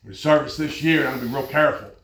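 A man preaching a fervent sermon, telling stories and rising to loud exclamations. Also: a little high, fairly even intonation, quick pace, gravelly, reverberant, a little hiss or hum.

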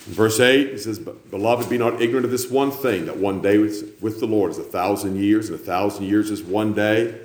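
Man, preacher, sermon, loud peaks and soft drops, echoey church. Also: moderate pace, few pauses. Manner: preaching, building to loud climaxes then dropping low. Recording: echoey room with faint background noise.

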